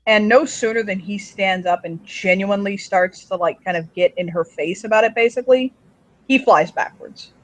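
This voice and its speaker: A man's voice: high-pitched, moderate pace, a bit bright, no room sound. A man narrating as game master in a tabletop game, rambling with many fillers and casual swearing. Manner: rambling, lots of likes and ums, casual swearing.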